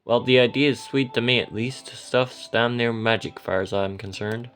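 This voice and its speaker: A man's voice: medium pitch, little pitch movement, moderate pace, a bit bright, natural voice. A man voicing a folksy bird-man cowboy. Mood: cheerful. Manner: folksy, easygoing drawl. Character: friendly feathered bird-man cowboy, male, cheerful.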